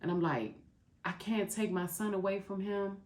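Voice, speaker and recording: A woman's voice: medium pitch, moderate pace, a little mellow. A middle-aged woman hosting a podcast, talking to her listeners in a raw, heartfelt confessional way. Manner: raw, heartfelt, speaks straight to listeners as "y'all". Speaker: podcast host. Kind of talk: candid confessional monologue. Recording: roomy echo.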